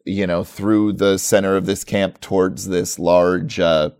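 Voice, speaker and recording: A man narrating as game master of a tabletop game, relaxed and rambling, full of fillers. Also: low voice, unhurried, clear, resonant tone.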